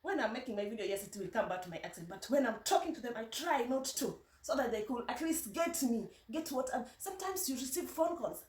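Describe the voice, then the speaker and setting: A woman with a Luo accent talks through a casual vlog in a slightly high voice, telling stories in a chatty, halting way. She sits some distance from the microphone in a reverberant room. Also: lively intonation, darkish tone. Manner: chatty storytelling, halting with restarts. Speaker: vlogger.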